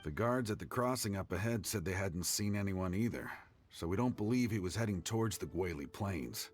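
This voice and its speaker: A man's voice: low-pitched, lively intonation, fairly quick. A man voicing a serious city guard in a video game, giving a plain report.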